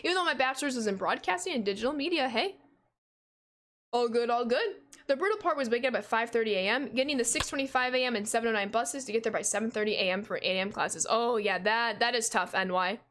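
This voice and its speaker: A young American woman in her twenties, a gaming streamer chatting casually with her viewers, loud and talkative, reading chat aloud and laughing often. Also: a little high, fast talker. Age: 20s. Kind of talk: casual livestream chat while playing.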